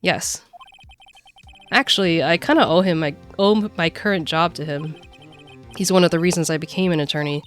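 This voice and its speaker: A woman's voice: low-pitched, normal speed, long pauses, faint music behind, lightly acted. A woman reading a nervous rookie lawyer. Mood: earnest. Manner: hesitant, stumbling.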